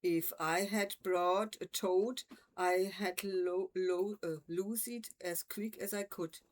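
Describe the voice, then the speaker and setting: A woman's voice: lowish voice, fairly even intonation, takes it slowly. A woman voicing a chatty, wry young schoolboy, close to her own voice.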